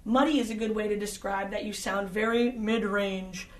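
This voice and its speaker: A woman's voice: medium pitch, steady tone, normal speed, roomy sound, recorded from a distance. A woman who works as an audio engineer, giving direct, conversational advice to singers, with frequent fillers. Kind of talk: instructional talk.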